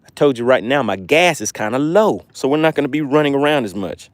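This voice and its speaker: Streaming live while fishing outside by the water, a Georgia man with a Southern drawl chats easily with his audience and reads out comments. He sounds expressive and brisk in a mid-range voice, with no room sound at all.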